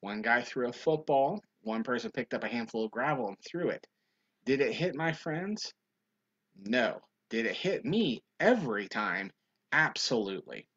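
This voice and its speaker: A man's voice: moderate pace, husky. A young man, a youth minister, telling a funny story in a casual livestream chat and reading viewer comments. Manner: animated storyteller, high-pitched quoted voices. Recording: dull lo-fi livestream audio.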